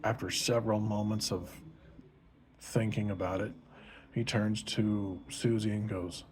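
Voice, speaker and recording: A man narrating a joke story in a casual, deadpan storytelling way. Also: fairly low pitch, a little slow. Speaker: joke teller.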